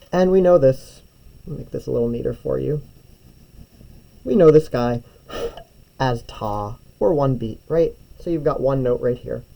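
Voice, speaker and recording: A man's voice: medium pitch, vocal fry, warm tone, poor audio. A young man who teaches music, walking kids through a drawing step by step in a patient, encouraging way. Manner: patient, step-by-step, often checks with "right?". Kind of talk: drawing tutorial lesson.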